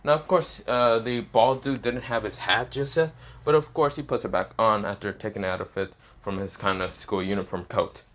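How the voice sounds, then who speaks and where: Low-voiced man rambling through a story. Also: moderate pace, a bit bright. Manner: rambling, crude, casual. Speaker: fan fiction narrator. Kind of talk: improvised story narration.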